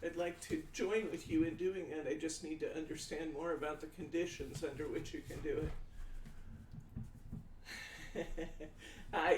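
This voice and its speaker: Friendly male craft host on a live stream, a bit high-pitched, chatty and folksy, walks through measurements, picked up from a distance in an echoey room. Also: a little mellow. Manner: chatty, folksy, answers viewer comments aloud; talks through measurements step by step. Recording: echoey room, distant mic, faint noise.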